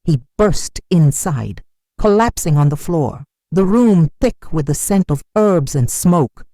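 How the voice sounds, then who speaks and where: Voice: medium pitch, expressive, takes it slowly, warm tone, dry recording, clean studio sound. A storyteller giving scripted, dramatic narration of a folk tale.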